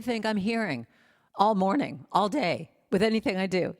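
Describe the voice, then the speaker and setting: A woman's voice: mid-range voice, animated, moderate pace, in a large hall. A woman giving a spiritual talk as a guest speaker and musician at a spiritual center, telling personal stories and now and then singing short snippets. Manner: personal storytelling, breaks into sung snippets.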